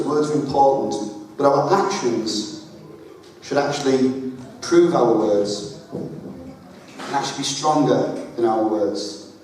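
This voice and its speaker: A man's voice: medium pitch, a little mellow, slight background noise. A man preaching a chatty, emphatic sermon full of jokes, in a large church hall. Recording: echoey hall, voice from far off.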